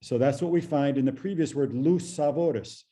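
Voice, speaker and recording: A man teaching a language class over a video call, patient and explaining slowly with many fillers. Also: medium pitch, warm tone.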